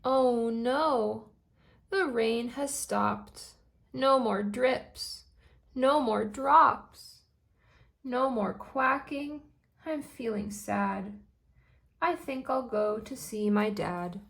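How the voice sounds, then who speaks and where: A woman's voice: mid-range voice, measured pace, few pauses, lightly acted. A woman voicing a cheerful little male duckling in a storybook, reading in a sing-song way. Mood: sad.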